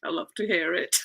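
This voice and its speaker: A woman's voice: on the low side, vocal fry, slightly rough, low-quality recording. A woman telling stories in a casual, effusive way, often breaking into giggles and repeating phrases for emphasis. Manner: warm, effusive, emphatic repetition. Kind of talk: casual anecdotal storytelling.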